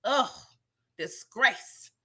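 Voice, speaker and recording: A woman recapping TV episodes in casual, slangy commentary, animated and sassy, swearing freely. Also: extremely slow. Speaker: show reviewer.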